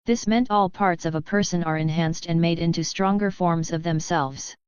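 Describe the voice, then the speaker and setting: A woman narrates a novel in a steady, even read, her voice on the low side and smooth. The mic is close and the sound dry, with a slightly dull, lo-fi tone. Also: moderate pace, dry recording. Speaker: audiobook narrator. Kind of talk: scripted first-person narration.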